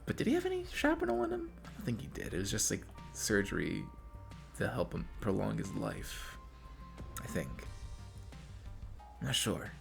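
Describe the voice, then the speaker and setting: Low-voiced man rambling through an anime reaction. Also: normal speed, gravelly, pauses often, soft background music. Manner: rambling, excitable, many restarts and "like"s. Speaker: reaction channel host. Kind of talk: casual anime reaction commentary. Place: home room lit by reaction lamps.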